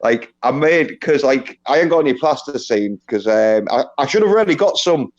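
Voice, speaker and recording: An English man chatting on a live stream, his talk halting and full of fillers as he circles back to his point. His voice sits at an ordinary middle pitch. It comes through a dull, lo-fi mic that dulls the top end. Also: lively intonation. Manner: hesitant, rambling with many fillers. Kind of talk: casual chat.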